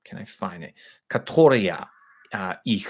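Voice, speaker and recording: A man on a live stream, thinking aloud with halting speech as he explains language points to his viewers. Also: on the low side, a bit bright. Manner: halting, searching for words with many pauses.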